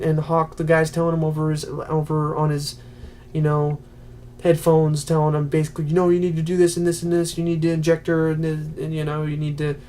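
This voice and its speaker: A man with a slightly higher voice walks through a film scene by scene in a loose, rambling review. He leans on filler words and briefly acts out the characters' lines as he goes. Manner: rambling, many "you know" fillers, acts out quotes. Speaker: movie reviewer. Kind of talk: casual spoken film review.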